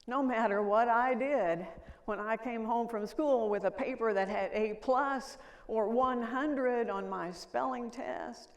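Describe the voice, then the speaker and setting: A woman's voice: fairly high pitch, slow pace. An older woman giving a conference keynote, telling stories and asking the audience questions. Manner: storytelling, asks the audience questions. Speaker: conference speaker. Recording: reverberant lecture hall.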